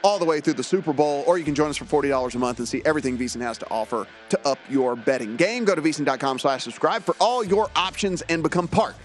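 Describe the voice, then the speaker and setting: A man hosts a sports betting show, chatty and upbeat, with a voice pitched a little above the usual. He moves between analysis, ad reads and introducing guests. Faint music plays beneath him. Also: quick pace, hardly any pauses. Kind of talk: sports talk and ad read.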